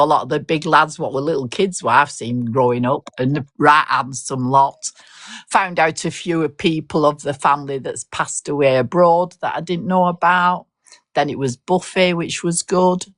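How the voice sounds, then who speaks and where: A woman's voice: low-pitched, a little slow, a bit bright, dry recording, clean studio sound. An older woman, telling a long story in casual chat, swearing mildly and laughing often. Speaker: host.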